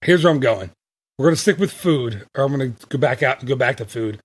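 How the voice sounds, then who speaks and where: A man's voice: medium pitch, expressive, fast talker, no room sound. A man hosting a travel podcast in casual chat, rambling and laughing often as he corrects himself. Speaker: podcast host.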